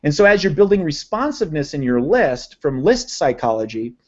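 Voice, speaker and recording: A man's voice: fairly high pitch, sing-song, a little fast, a little mellow. Upbeat man teaching over dull lo-fi audio. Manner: enthusiastic, conversational, often checks in with "right?". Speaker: sales copywriting presenter. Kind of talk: live online teaching session.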